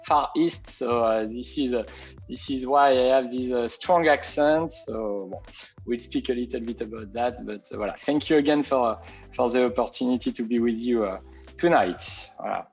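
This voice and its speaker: A French-accented man speaks over a video call, pausing often and dropping French interjections between his English phrases. The audio is a little dull and muffled, and faint music plays underneath. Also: mid-range voice, vocal fry, darkish tone. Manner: hesitant, with many fillers and French interjections. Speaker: winemaker guest.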